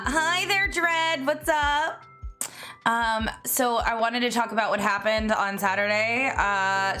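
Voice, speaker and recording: Young female streamer, casual chat, warmly giggly, ringing bright tone. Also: fairly high pitch. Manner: chatty, giggly, greets viewers by name.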